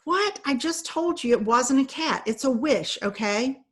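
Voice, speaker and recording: A woman reading aloud, voicing a brisk, impatient young fairy girl on an important mission. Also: high-pitched, expressive, husky, voice pushed up, exaggerated voice. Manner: brisk and impatient, quick to snap.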